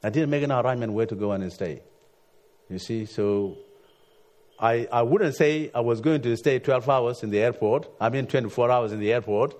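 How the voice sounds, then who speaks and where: Halting preacher man, frequent restarts. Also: medium pitch, a little mellow. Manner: halting, repeats words, frequent "you see". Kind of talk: sermon with personal story.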